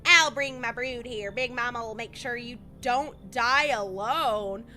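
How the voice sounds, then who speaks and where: A woman's voice: fairly high pitch, unhurried, soft background music. Woman playing brash Southern matriarch Big Mama. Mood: bossy. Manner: loud, drawling, bossy.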